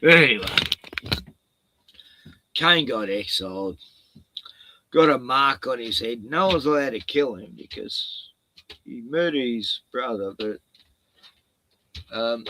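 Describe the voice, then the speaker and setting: A man's voice: mid-range voice, lively intonation, slow, long pauses, bright, forceful tone, slight background noise, poor audio. A man telling a story casually, profane and rambling, laughing at his own jokes.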